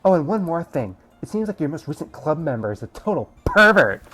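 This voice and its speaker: A man's voice: fairly high pitch, big pitch swings, a little fast, bright, forceful tone, soft background music, voice pushed up, heavily acted. A man voicing a poised, cheerful teenage club president in a visual novel, teasing and breezy.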